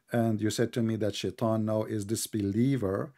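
A man with an accent hosting a heated call-in debate, interrupting and mocking the caller, sometimes slowing his speech on purpose. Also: on the low side, steady tone, warm tone. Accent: non-native English accent. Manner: interrupting, mocking, slows down deliberately. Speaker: debate show host.

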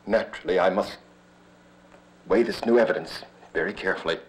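An actor playing a pompous male patient who acts as a judge, speaking gravely and deliberately. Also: sits low, a little hiss or hum, natural voice, low-quality recording. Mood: solemn.

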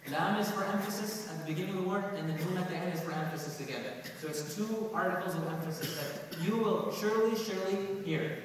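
A high-voiced man preaches at a racing clip, asking his listeners questions between quick bursts of recited verse. He is picked up from across a big hall, so his voice sounds far off, wrapped in long reverb with a faint hiss behind it. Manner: quick, conversational, asks the audience questions; recites scripture rapidly in chant. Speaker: mufti giving a lecture. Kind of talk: religious lecture to a live audience. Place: large echoey hall. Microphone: distant from the recording mic. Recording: distant echoey hall recording with faint hiss.

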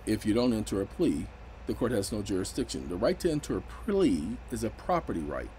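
A man's voice: on the low side, big pitch swings, a little fast, dark tone, slight background noise, low-quality recording. A man giving casual, emphatic commentary on legal rights, raising his voice sharply when indignant.

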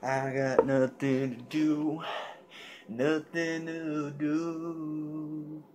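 Young man playing a laid-back skit dude lounging around, lazy slow drawl. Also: flat delivery, darkish tone. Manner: lazy, drawling, low put-on voice. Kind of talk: comedy skit acting.

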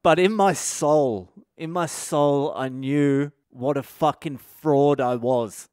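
A man's voice: a little high, takes it slowly, a little mellow, smooth, dry recording, studio quality. A man, a comedian and podcast host, telling a self-deprecating story with lots of swearing. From Australia.

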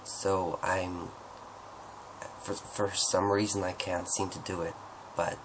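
A man's voice: deep voice, little pitch movement, slow, background noise. A man answering viewer questions at home in a rambling, joking, self-deprecating way. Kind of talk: casual Q&A monologue.

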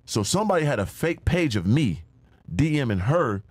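A man's voice: medium pitch, normal speed, no room sound. A man, a podcast guest, telling a story in casual chat, with heavy slang and profanity, acting out the people he quotes in a raised voice. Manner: animated, acts out quoted dialogue in a raised voice.

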